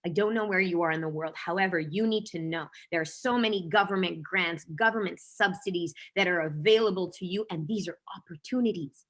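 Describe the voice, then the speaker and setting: A woman business coach giving an energetic motivational talk, emphatic and fond of repeating key phrases. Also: on the low side, brisk, few pauses.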